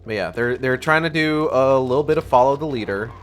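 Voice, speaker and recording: A man's voice: mid-range voice, fairly quick, slight background noise. A man streaming a video game live, chatting casually and swearing as he plays, thinking aloud with plenty of fillers. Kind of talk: live gameplay commentary.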